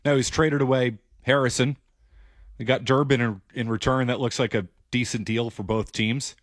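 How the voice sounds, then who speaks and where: A man hosting call-in sports radio, opinionated and brisk as he takes calls. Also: mid-range voice, steady tone, no room sound, studio quality.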